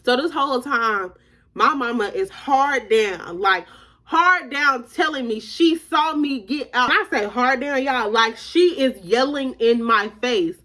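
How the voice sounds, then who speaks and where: Young woman doing a storytime vlog, kinda high voice, slangy, chatty, laughs a lot. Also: unhurried, bright, forceful tone. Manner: chatty and slangy, addressing viewers as y'all; laughs often while telling. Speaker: vlogger telling a story. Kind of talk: casual storytime.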